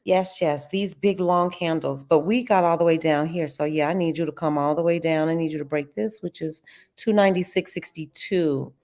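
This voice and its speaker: A middle-aged woman hosting a live trading stream, chatting casually and expressively with her viewers. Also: lowish voice. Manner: chatty and expressive, talks to chat as y'all.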